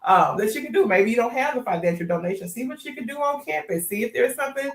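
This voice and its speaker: A woman's voice: fairly high pitch, expressive, fast talker, echoey room. A woman hosting a podcast, effusive and emotional, laughing often and using casual slang. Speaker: podcast host. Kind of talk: casual interview chat.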